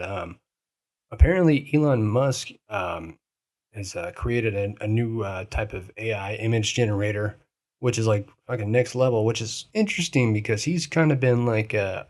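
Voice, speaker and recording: A man's voice: fairly low pitch, darkish tone. A man co-hosting a podcast in casual chat, teasing his friend and rambling, swearing freely. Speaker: podcast co-host.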